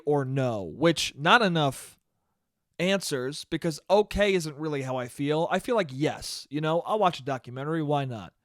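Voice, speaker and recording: A young man hosting a solo podcast, telling stories in a sarcastic, animated way and mocking people with quoted voices. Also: a little high, no room sound, studio quality. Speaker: podcast host. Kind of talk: solo comedic podcast rant.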